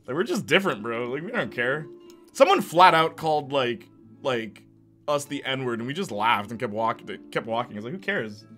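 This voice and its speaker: A man's voice: medium pitch, big pitch swings, normal speed, bright, forceful tone, soft background music. A man streaming and chatting casually with his viewers, joking and laughing often. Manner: jokey, laughs often, talks to chat. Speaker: live streamer. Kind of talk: casual live-stream chat.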